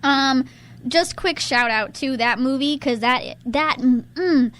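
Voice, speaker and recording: A woman's voice: high-pitched, slow, a bit bright. A young woman co-hosting a casual chat podcast, rambling and giggly with lots of restarts. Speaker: podcast co-host.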